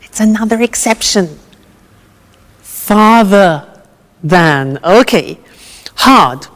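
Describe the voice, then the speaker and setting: A woman teaching English grammar with a slow, clear drill, patient and encouraging. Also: medium pitch, expressive, big-room sound.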